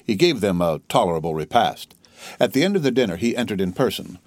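Male audiobook narrator, lowish voice, steady and formal, dry studio sound. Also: fast, no room sound. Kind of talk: audiobook narration of a classic novel.

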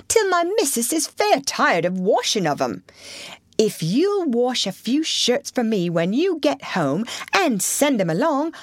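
A woman's voice: mid-range voice, dry recording, clean studio sound, pitched above the performer's own voice. A woman voicing a burly, kindly middle-aged male engine driver with a homely, folksy way of talking in a storybook reading.

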